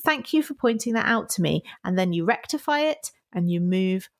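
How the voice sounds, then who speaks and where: Woman cohosting a chatty podcast, laughs a lot, does little apologetic voices for quotes, mid pitch. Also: lively intonation, moderate pace. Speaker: podcast co-host. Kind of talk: casual podcast chat.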